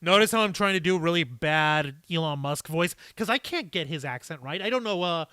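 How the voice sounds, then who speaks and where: A man hosting a live stream, chatting casually and reading viewer comments in a profane, rambling, animated way. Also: fairly high pitch, brisk, clean tone, dry recording.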